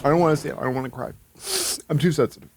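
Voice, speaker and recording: A man chatting casually on a live stream. He swears often, thinks aloud, mocks himself and jumps into high outbursts. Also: racing, heavy background noise. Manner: excitable, swears a lot, sudden high-pitched outbursts; self-mocking, thinking aloud.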